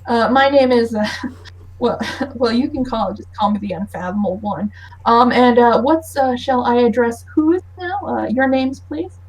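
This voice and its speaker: An eccentric, mysterious high elf man greets his guests with flamboyant, hesitant charm, as a woman puts him on. He stumbles and fusses over every pleasantry. The sound carries a little distance from the mic. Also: normal speed, lightly acted. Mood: hesitant greeting.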